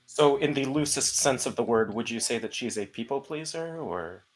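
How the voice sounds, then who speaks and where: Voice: medium pitch, animated, normal speed, soft background music. A person in casual group chat, working as colorist and asking curious questions about a character. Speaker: colorist for the drawing.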